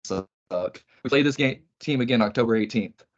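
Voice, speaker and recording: A man's voice: mid-range voice, normal speed, highs cut off. A man co-hosting a podcast, telling profane stories in casual chat. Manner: profane storytelling. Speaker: podcast co-host.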